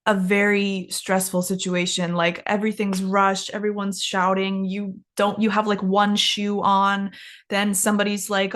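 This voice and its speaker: A woman's voice: mid-range voice, normal speed, a bit bright. A woman teaching English in a casual lesson, chatty, with frequent "like" fillers and laughing at herself.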